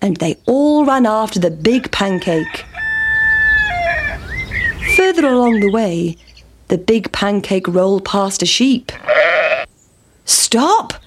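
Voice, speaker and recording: Slow, measured woman storyteller. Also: mid-range voice, animated, very noisy. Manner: slow, clear, measured reading. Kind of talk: children's story reading.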